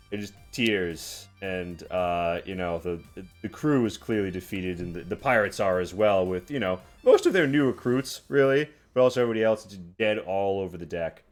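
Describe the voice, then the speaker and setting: A man with a low voice runs a tabletop game, narrating battles and aftermath in halting bursts full of fillers. Faint music sits under his voice. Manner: halting storyteller, many fillers. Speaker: game master.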